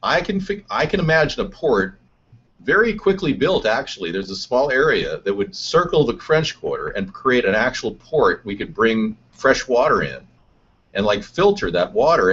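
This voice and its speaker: Husky low-voiced man hosting a chat show. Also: a bit bright. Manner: mock-candidate speechifying, swinging between booming and muttering. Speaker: show host. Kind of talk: satirical live chat show, playing a politician. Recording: dull lo-fi stream audio.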